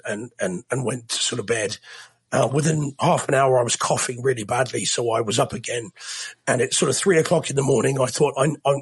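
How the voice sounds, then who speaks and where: A man's voice: on the high side, gravelly, slightly rough. An English man co-hosting a podcast, telling a story in a chatty, teasing way. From England. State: coughing. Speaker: podcast co-host. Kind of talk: casual chat.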